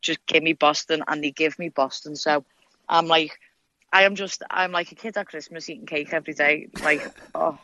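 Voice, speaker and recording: A woman's voice: low-pitched, steady tone, moderate pace, sharp tone, dull audio. A young woman with a Scouse accent, a fighter, chatting freely in an interview and swearing often. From Liverpool, England. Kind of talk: casual interview.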